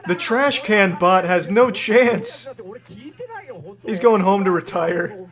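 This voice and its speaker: A man's voice: high voice, sing-song, slow pace, long pauses. A man giving sarcastic, swearing mock sportscaster commentary over video clips.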